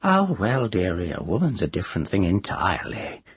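A man voicing an old, earthy village witch woman who talks in a rustic country dialect with a drawn-out, sing-song lilt. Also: sits low, huge pitch swings, slightly rough, dry recording, exaggerated voice. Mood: folksy, musing. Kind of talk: audiobook character voice.

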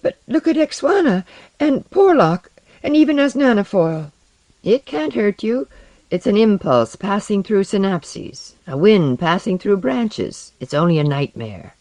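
A man's voice: high-pitched, big pitch swings, a little slow, gravelly, a little mellow, dry recording, voice pushed up, full character voice. A sardonic, jeering man whose voice climbs and swings with feverish energy, morbid and eager by turns, as a narrator puts him on. The storytelling is close and dry, with nothing around the voice. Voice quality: mocking, bitter. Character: intense, mocking male empath.

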